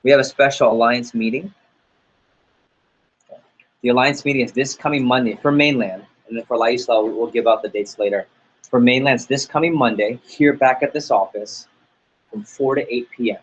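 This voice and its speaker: A man's voice: medium pitch, moderate pace, slightly rough, muffled recording. A man leading a sales team training talk, upbeat and motivational, acting out little dialogues as he goes. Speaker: sales office manager.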